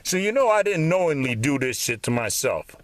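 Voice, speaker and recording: A man's voice: on the high side, big pitch swings, brisk, dry recording. A man in his fifties ranting bitterly in a rambling, profanity-laden monologue. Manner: bitter, rambling, swears constantly. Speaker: vlogger.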